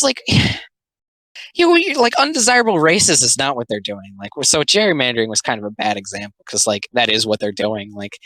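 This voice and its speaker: In a dry, poor-quality recording, a young adult video commentator rambles through comic commentary in a mid-range, slightly bright voice. The talk is casual and packed with "like" fillers and sarcastic asides. Now and then he slips into quick, mocking character voices.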